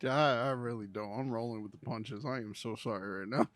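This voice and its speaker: A man on a casual comedy podcast, deadpan and sheepish. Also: medium pitch, brisk, dry recording. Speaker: podcast co-host.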